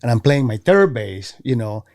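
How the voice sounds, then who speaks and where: A man from Venezuela, a former baseball player, telling stories in a casual interview, animated and acting out the voices of others. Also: normal speed. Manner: animated, acts out quoted voices with jumps in pitch. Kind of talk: casual storytelling.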